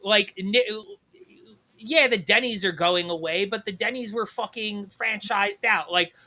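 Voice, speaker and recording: A man's voice: sits high, measured pace, pushed and bright, poor audio. A man with a Philadelphia and South Jersey accent, a podcast co-host who rants heatedly in casual chat, swearing constantly. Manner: profane, ranting, heated.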